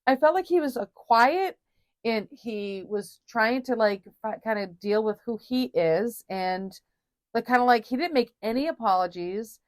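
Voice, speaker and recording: A woman's voice: fairly high pitch, expressive, unhurried, no echo, studio quality. A woman co-hosting a podcast, chatting casually and enthusiastically about a film and acting out its scenes. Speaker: podcast co-host.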